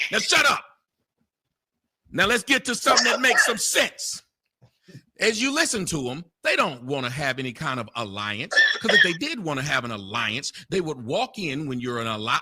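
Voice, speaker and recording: A man arguing in a heated debate, loud and sarcastic, often shouting over others. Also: sits high, slightly rough. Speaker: debate panelist. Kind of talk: heated argument.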